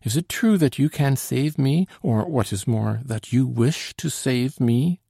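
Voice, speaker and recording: A man's voice: mid-range voice, measured pace, gravelly, mellow, slightly rough, dry recording, clean studio sound, voice pushed up. A man reading an audiobook, voicing a grateful aristocratic father near fifty who speaks fervently and formally. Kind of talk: audiobook character voice.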